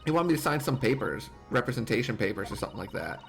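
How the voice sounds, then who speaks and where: A man's voice: mid-range voice, sing-song, quick pace, gravelly, a bit bright, soft background music, pitched below the performer's own voice. A man voicing a distrustful young girl thief with a put-on Cockney accent, defiant and slangy. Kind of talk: reading game dialogue aloud.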